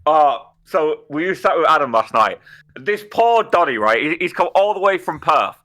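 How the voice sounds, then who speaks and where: A man's voice: a little high, big pitch swings, moderate pace, bright, forceful tone. A young man co-hosting a podcast in casual chat, swearing a lot, laughing and stumbling over his words. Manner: swearing, laughing, stammering restarts. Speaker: podcast co-host.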